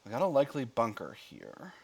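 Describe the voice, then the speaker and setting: A man's voice: mid-range voice, huge pitch swings, a little fast, vocal fry, darkish tone, slightly rough. A man hosting a let's play, reading the game's text aloud and thinking aloud about his choices, with frequent restarts. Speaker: gaming channel host.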